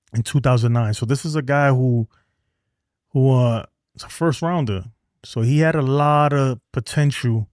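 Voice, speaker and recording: A man's voice: mid-range voice, a little mellow, no echo. Male livestream host, easygoing and talkative, mid-range voice, dry recording. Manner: laid-back and chatty, reads viewer comments aloud; addresses viewers as man and bro. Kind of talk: casual sports livestream chat.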